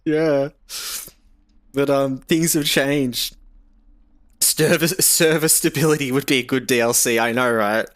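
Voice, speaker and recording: A man's voice: mid-range voice, steady tone, measured pace, pauses often. A young Australian man chatting casually with viewers during a live game stream, reading chat aloud with lots of fillers.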